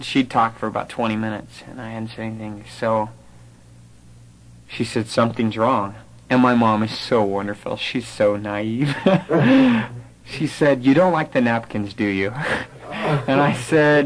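A young man with a medium-pitched voice earnestly shares a personal testimony, recounting his story by quoting conversations he remembers. The recording is rough.

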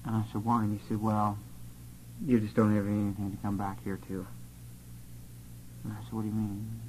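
Low, flat-voiced man telling his story. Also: normal speed, slight background noise, low-quality recording. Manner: earnest, steady, plain-spoken. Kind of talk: personal testimony storytelling.

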